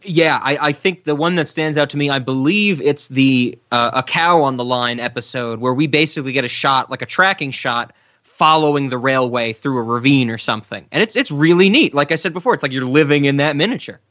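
A man co-hosting a podcast in casual chat, enthusiastic and quick to laugh. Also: mid-range voice, a bit bright. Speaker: podcast co-host. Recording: slightly dull, lo-fi recording.

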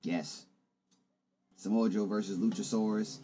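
A man's voice: on the low side, fairly even intonation, measured pace, warm tone. A man chatting casually about wrestling, laid-back and swearing, repeating his points.

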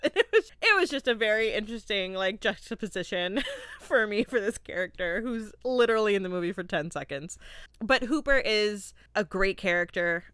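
A young woman from Florida hosting a podcast, casually reviewing a movie with lively laughter and acted-out quotes. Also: medium pitch, normal speed, clear, resonant tone, no room sound. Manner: animated, laughing, acts out quotes. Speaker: podcast host.

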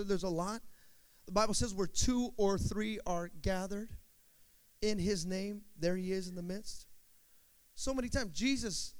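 A male pastor with a high voice preaches a sermon with call-and-response, swinging between shouted emphasis and hushed storytelling.

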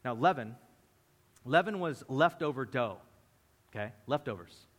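A man preaching a lively sermon, often acting out the voices of the people in the story. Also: medium pitch, measured pace. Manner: animated, acts out voices of disciples. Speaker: pastor. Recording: reverberant hall.

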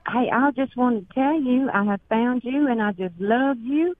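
A woman's voice: fairly high pitch, normal speed, a little hiss or hum. Gushing Southern woman on a phone line. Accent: Mississippi Southern. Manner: gushing, earnest. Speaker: caller. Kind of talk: phone-in chat.

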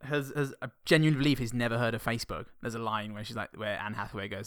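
A man's voice: lowish voice, steady tone, quick pace, hardly any pauses, dry recording. A man co-hosting a casual film podcast, trading dry jokes and swearing. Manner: dry jokey banter, swears freely. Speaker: podcast co-host reviewing a film. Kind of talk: casual chat.

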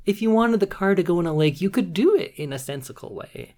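A man co-hosting a casual movie review podcast, sarcastically retelling the plot with animated asides. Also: high voice, fast. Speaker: podcast co-host.

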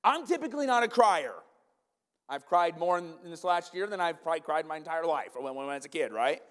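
A man preaching a sermon in a church, animated and emphatic, often turning to the congregation with asides. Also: fairly high pitch, quick pace. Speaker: pastor. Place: church sanctuary. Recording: long church-hall reverb.

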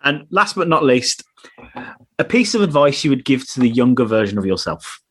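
Male podcast host, husky, animated, brisk with questions. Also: medium pitch. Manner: upbeat, brisk, runs the quick fire questions. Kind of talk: casual interview chat.

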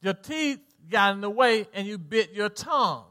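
A Southern US man in middle age preaches a sermon to his congregation. His voice sits high and sounds bright and forceful. He drops soft and low, then rises loud, with folksy asides. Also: animated, moderate pace. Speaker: pastor.

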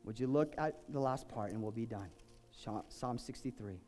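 A man preaching a sermon, swinging from quiet, intimate talk to shouted, fervent peaks. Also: medium pitch, normal speed. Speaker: pastor. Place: church sanctuary. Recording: long hall reverb, faint music.

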